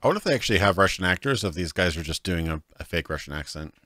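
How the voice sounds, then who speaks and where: Deep-voiced, bright, rambling streamer. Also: male voice, animated, racing, no room sound, clean studio sound. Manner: rambling, laughs often, many "like"s. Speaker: game streamer. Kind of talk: casual livestream commentary.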